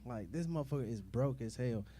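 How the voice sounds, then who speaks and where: A man's voice: mid-range voice, animated, brisk, warm tone, a little hiss or hum. A young man doing a rambling, profane stand-up comedy set, full of fillers and asides to the crowd.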